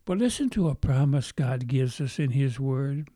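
A man's voice: medium pitch, expressive, normal speed, mellow, dry recording, studio quality. A man preaching a sermon, telling a story with dramatic turns and falling into whispers. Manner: dramatic, acts out quotes, drops to whispers.

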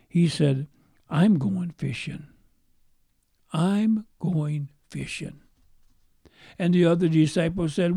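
A man preaching a storytelling sermon, acting out the voices in his story and sinking to hushed whispers at its saddest points. His voice is gravelly and mellow, and he takes his time with each phrase. The sound is dry and close. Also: a little high, no room sound. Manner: dramatic, acts out quotes, drops to whispers.

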